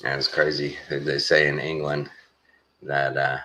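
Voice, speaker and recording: A man with a Texan accent talking casually to his viewers, meandering along with lots of pauses and folksy phrasing. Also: rumbling low, completely flat delivery, sharp tone, a little hiss or hum. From Texas. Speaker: vlogger. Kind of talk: casual rambling monologue.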